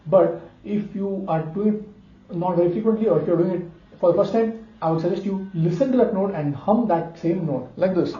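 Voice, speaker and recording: A man's voice: sits high, moderate pace. A man giving a casual ear-training lesson, talking between notes and humming the intervals back. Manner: talks between played notes, hums and sings intervals back. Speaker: music teacher. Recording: roomy lo-fi recording under loud guitar.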